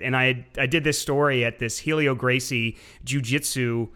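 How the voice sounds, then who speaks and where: A man's voice: mid-range voice, steady tone, normal speed, hardly any pauses, bright, forceful tone. A man hosting a podcast, affable and often repeating words as he starts his sentences. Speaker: podcast host. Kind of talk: podcast interview.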